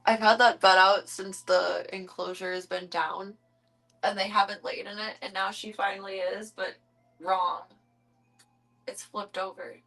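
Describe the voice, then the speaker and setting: A woman streaming casually from home, chatting to viewers and cooing baby talk at her kittens, her voice jumping high when she talks to them. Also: steady tone, unhurried, gravelly, fairly bright tone, poor audio. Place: home room with cat enclosure.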